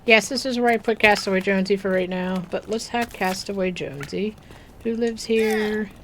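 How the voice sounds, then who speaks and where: This woman, a gaming video creator, speaks in a mid-range voice as she casually comments on her gameplay and coos at the animals. She moves at a slow, unhurried pace, sometimes drifting into soft near-whispers, over a little hiss or hum.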